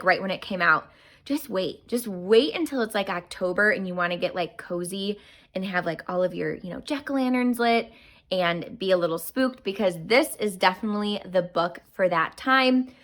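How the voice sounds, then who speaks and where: Bright, gushing young woman reviewer. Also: mid-range voice. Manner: gushing, enthusiastic, exclamatory. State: out of breath. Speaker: book reviewer. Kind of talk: casual book review.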